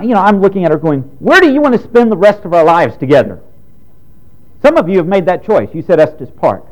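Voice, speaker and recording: A pastor in his thirties delivers a sermon in a frank, direct way. His pitch swings widely between high emphatic lines and low quiet ones. The voice itself is mellow and dark. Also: low-quality recording. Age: 30s. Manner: preaching with rising and falling emphasis, direct and frank.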